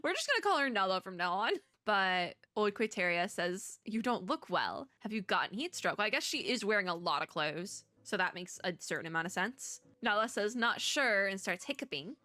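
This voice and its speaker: Bright-voiced woman chatting over a game. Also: mid-range voice, sing-song, normal speed, few pauses. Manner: chatty, rambling asides with frequent laughs. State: strained throat. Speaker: streamer playing a story game. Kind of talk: casual gameplay commentary and reading aloud.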